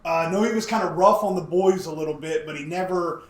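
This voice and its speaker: High-voiced man telling stories on a podcast. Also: a little fast. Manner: animated, profane storytelling. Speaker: podcast co-host. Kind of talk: casual podcast chat. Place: home basement. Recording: roomy basement echo.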